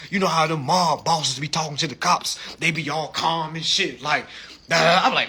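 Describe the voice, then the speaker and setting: Animated, foul-mouthed man on a livestream. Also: on the high side, normal speed, husky. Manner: animated, blunt, heavy swearing, laughs at own stories. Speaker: social media livestream host. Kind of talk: profane casual rant. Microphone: phone.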